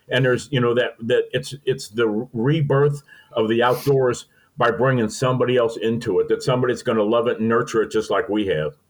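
An older man from Missouri speaks in a mid-range voice as a podcast guest, telling folksy, sentimental stories in an interview. The recording quality is low.

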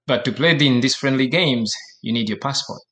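A man's voice: medium pitch, moderate pace. A young man from Uganda, a professional soccer player, telling his story casually and acting out the voices of others with laughter. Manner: animated, acts out dialogue, laughs often.

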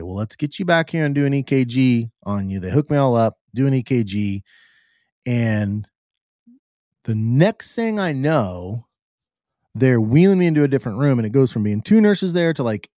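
A middle-aged man hosting a podcast, telling a personal story in an earnest, halting way with frequent restarts. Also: medium pitch, darkish tone, no echo, clean studio sound. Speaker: podcast host.

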